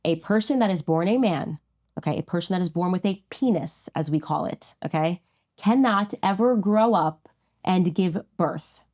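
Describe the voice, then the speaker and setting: A woman's voice: fairly low pitch, normal speed, a little mellow. A woman in a heated podcast debate, firm and insistent, repeating her points. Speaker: podcast guest.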